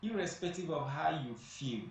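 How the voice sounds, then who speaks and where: A man's voice: a little high, expressive, moderate pace, vocal fry. A man speaking as a guest on a studio talk show, emphatic and repeating phrases for stress. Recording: echoey distant room mic, faint noise.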